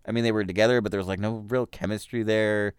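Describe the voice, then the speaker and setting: Male podcast host, low smooth voice, casual rambling review style. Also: fairly even intonation, fast talker, no room sound, studio quality. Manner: rambling, loose, with fillers and chuckles. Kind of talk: casual movie review monologue.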